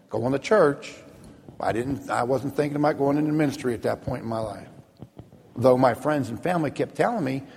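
A man's voice: medium pitch, vocal fry, a little mellow, slightly rough, big-room sound. A middle-aged man giving an earnest, plainspoken personal testimony, sometimes repeating words when moved. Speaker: speaker telling a personal testimony.

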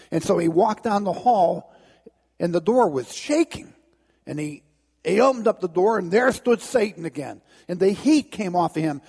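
A man's voice: high voice, vocal fry, a little mellow, breathy edge, in a large hall. A man preaching, telling a dramatic story with many repetitions and restarts. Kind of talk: sermon storytelling.

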